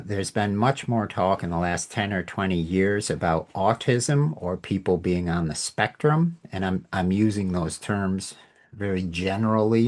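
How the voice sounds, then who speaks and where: A man hosting a communication podcast, giving an informal lesson in a reflective, emphatic way. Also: fairly low pitch. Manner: reflective, emphatic, acts out tones in examples. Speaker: podcast host teaching communication.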